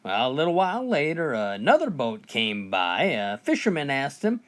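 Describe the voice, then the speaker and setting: Folksy, animated male joke teller. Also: mid-range voice, normal speed, few pauses. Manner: folksy delivery, often opening lines with "well". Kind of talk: told jokes, comic storytelling.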